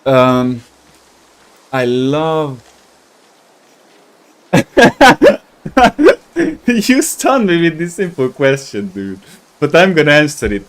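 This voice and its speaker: A man's voice: mid-range voice, big pitch swings, slow pace, pauses often. A young man from Romania hosting a gaming livestream, chatting loosely with viewers, rambling, laughing often and groping for words. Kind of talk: casual chat with live viewers while playing.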